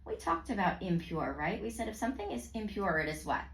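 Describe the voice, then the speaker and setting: A woman tutor coaching a student through a reading lesson, with a lively, swinging pitch and frequent warm praise. She breaks words into slow, carefully spaced syllables. The sound is roomy and picked up from some distance, with faint background noise. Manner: encouraging, praising often; slow, clearly segmented word pronunciation.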